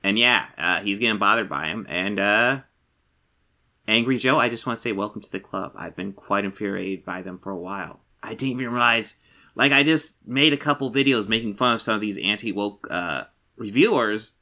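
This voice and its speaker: A man's voice: on the low side, moderate pace, pushed and bright. A man hosting a reaction video, chatting casually and sarcastically, swearing freely.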